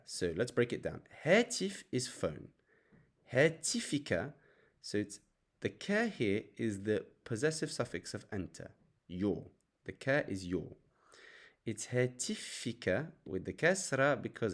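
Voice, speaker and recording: A man's voice: mid-range voice, a bit bright. A man teaching a grammar lesson, breaking example sentences down word by word with the occasional filler. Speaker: Arabic teacher.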